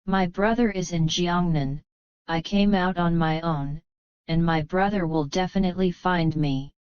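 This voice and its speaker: Brief: weepy young heroine in a storybook, voiced by a woman. Low-pitched, unhurried, slightly muffled. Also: steady tone, clean tone, dry recording, lightly acted. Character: tearful, lonely young heroine.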